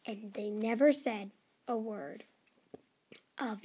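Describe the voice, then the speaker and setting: High-voiced sing-song woman storyteller. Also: unhurried, a little mellow, breathy edge. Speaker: storyteller host. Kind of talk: children's story narration.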